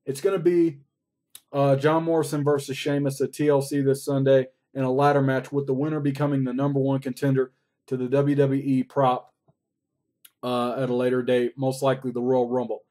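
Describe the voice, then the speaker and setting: A man's voice: mid-range voice, flat delivery, fairly quick, warm tone. A man recapping a wrestling show in a casual, rambling way, swearing often. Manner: profane, rambling play-by-play.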